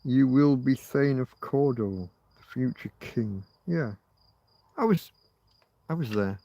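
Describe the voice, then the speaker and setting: Slow gravelly man rambling. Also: medium pitch, expressive, warm tone, no room sound. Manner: muttering, swearing, thinking aloud. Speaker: livestream host. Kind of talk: rambling casual livestream chat.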